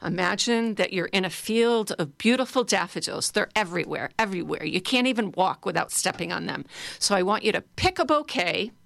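A woman's voice: lowish voice, creaky, fairly bright tone, no echo. A woman leading a guided laughter exercise for a group, coaxing and playful. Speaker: laughter yoga leader.

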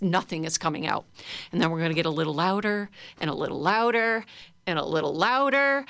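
A woman leading a group through guided laughter exercises, playful and encouraging, breaking into loud laughter. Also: on the low side, no room sound. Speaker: laughter yoga leader.

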